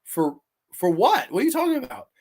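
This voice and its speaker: Male streamer, casual horror-review host, swears freely, excitable, banters with chat. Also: very high voice, a little fast, vocal fry. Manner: profane, excitable, reacts to chat. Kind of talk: casual livestream commentary.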